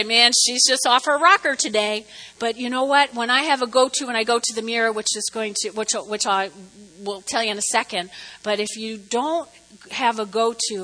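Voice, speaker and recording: A woman pastor preaching an animated, conversational sermon and drawing responses from her congregation. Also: on the high side. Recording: reverberant hall.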